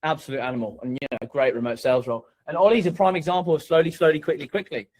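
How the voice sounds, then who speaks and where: A man with a slightly high voice hosts a sales community and delivers pumped-up shout-outs. He swears freely and hammers his points with repeated phrases. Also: steady tone, very fast. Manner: hyped, swearing, punchy repetition. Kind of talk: motivational shout-out speech.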